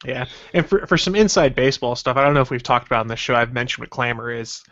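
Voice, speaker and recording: A man's voice: mid-range voice, lively intonation, fast, a bit bright. A man hosting a casual podcast, rambling and self-conscious as he chats. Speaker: podcast host. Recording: dull lo-fi podcast audio.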